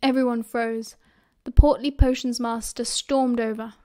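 A British woman with a voice a little high for a woman reads an audiobook in a steady, expressive storytelling style. She keeps a moderate pace with few pauses.

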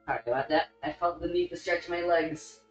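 A man giving casual gameplay commentary with dry, deadpan remarks. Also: on the high side, a little fast, reverberant, low-quality recording. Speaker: let's play gamer. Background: game music.

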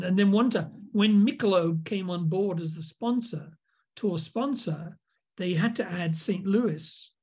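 An older Englishman with a high, husky voice of darkish tone, appearing as an interview guest. He's a video producer who rambles through behind-the-scenes anecdotes in a casual chat, full of fillers and false starts.

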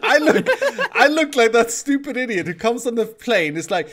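A man's voice: very high voice, normal speed, hardly any pauses. A man from Sweden, hosting casual gaming chat with friends, joking and laughing often. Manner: jokey, laughs often, lively teasing. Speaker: channel host, gamer.

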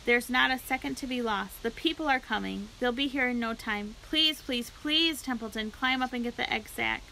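A woman's voice: a little high, moderate pace, creaky, pushed and bright, slight background noise, rough recording. A woman voicing a young male pig who is earnest, emotional and pleading, in a storybook read-aloud. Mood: frantic. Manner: pleading, cries out often.

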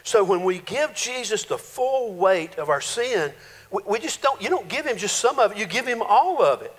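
Folksy high-voiced preacher. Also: male voice, moderate pace. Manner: folksy, animated preaching with playful voiced quotes. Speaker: pastor. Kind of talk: sermon. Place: church sanctuary. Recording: reverberant church hall.

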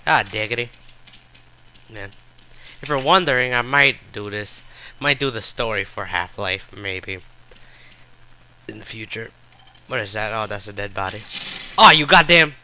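A man's voice: on the low side, expressive, measured pace, long pauses, pushed and bright, a little hiss or hum. A man giving live gameplay commentary, frustrated and trash-talking with profane outbursts.

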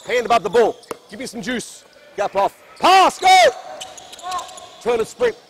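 A man's voice: extremely high pitch, wildly swooping pitch, a little slow, vocal fry, fairly bright tone, slight background noise. A man coaching a basketball practice on an indoor court, barking short commands and then explaining drills at length.

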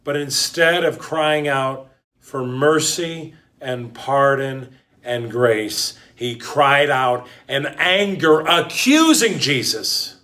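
A man preaching a sermon as a pastor, in a slow, deliberate manner with dramatic pauses. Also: medium pitch, sharp tone.

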